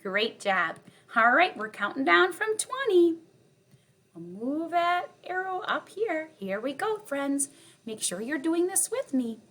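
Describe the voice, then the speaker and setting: A woman's voice: high voice, big pitch swings, a bit bright. A woman kindergarten teacher giving a cheerful online morning lesson to young children, sounding out letters and counting with them. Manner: cheerful, slow and sing-song, sounding out letters.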